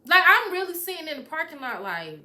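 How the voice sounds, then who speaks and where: Young woman vlogger, bright higher voice, lively storytime delivery that acts out quotes. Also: brisk. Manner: animated, acts out quotes, swears freely. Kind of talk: casual storytime chat.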